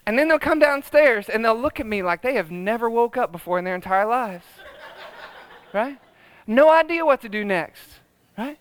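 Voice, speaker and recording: Middle-aged male pastor, high bright voice, dry close sound, chatty and humorous preaching. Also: lively intonation, normal speed, smooth, no echo. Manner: conversational, tag questions, humorous asides. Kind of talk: sermon.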